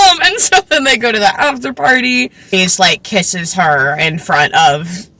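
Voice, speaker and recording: A young woman in her twenties chats through a book recap for her vlog. Her voice is bright and clear, and she talks in a loose, filler-heavy way, throwing in sarcastic asides as she goes. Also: fairly high pitch, normal speed. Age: 20s. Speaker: book vlogger.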